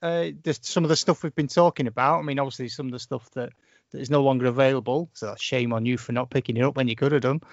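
Gravelly easygoing male podcast host. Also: medium pitch, steady tone, fast talker, no room sound. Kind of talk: casual interview. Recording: dull lo-fi, dry.

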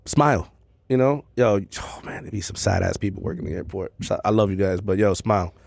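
Loose, slangy man with a low voice. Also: a little fast, vocal fry, no room sound. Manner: loose, profane, slangy and animated. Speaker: podcast co-host, airport bartender. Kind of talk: casual chat.

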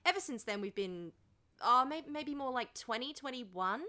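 Woman podcast cohost, bright punchy voice, frank and chatty. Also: fairly high pitch, lively intonation, normal speed. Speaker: podcast co-host. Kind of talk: casual chat.

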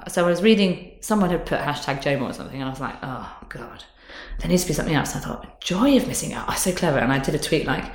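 A candid, chatty woman in her thirties, talking in a low voice. She speaks openly and laughs easily. The sound is roomy and echoing. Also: lively intonation, fast talker, hardly any pauses. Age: 30s. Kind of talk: casual chat. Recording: roomy echo.

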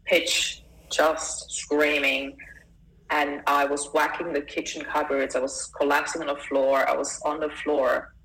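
A middle-aged woman, a life coach, telling a personal story in conversation, earnest and emotional, halting and restarting as she goes. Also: low voice, a bit bright, poor audio.

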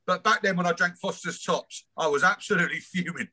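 A man's voice: high voice, a little fast, bright, forceful tone, husky. A man hosting a casual football podcast, rambling and chuckling through his stories. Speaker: podcast host. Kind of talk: casual chat.

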